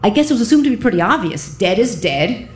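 A woman doctor tells a story from her own working life in the first person. She delivers it in a lively, self-mocking way and acts out her own racing thoughts, with pitch in the middle range for a woman. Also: fast talker.

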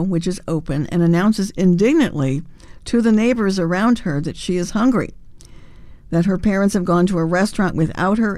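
A woman's voice: on the low side, dry recording. A woman hosting a morning classical music radio show, telling a chatty anecdote with light humor. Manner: warm conversational storytelling with light humor. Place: radio studio. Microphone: studio microphone.

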